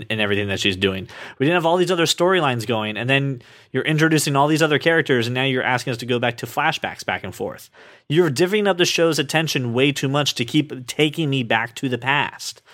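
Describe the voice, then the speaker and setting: Animated man ranting on a podcast. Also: mid-range voice. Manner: animated, ranting, swears casually. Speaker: podcast host. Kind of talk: casual podcast chat.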